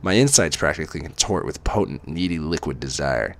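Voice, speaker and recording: A man's voice: a bass voice, expressive, a little fast. A man reading a romance story aloud as dramatic first-person narration. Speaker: reader.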